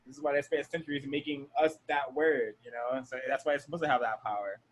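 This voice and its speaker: A man in casual chat, excitable and laughing, given to weighty remarks. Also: medium pitch, fast talker, poor audio.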